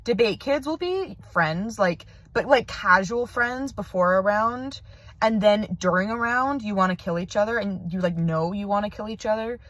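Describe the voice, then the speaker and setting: A woman's voice: medium pitch, normal speed, a bit bright, no room sound. Chatty teen girl in a parked car. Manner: rambling and chatty, full of "like". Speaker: video pen pal. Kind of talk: casual video message.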